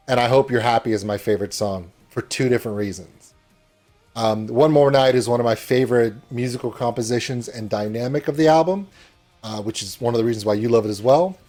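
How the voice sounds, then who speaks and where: A man's voice: mid-range voice, darkish tone. A middle-aged man hosting a casual video interview, talking with enthusiastic, rambling energy. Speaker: interview host.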